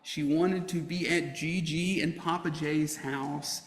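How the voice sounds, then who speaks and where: Slow, high-voiced preacher man in a reverberant church. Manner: storytelling with humor, lively emphasis. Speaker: pastor. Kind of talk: sermon. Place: church sanctuary. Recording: roomy church hall reverb.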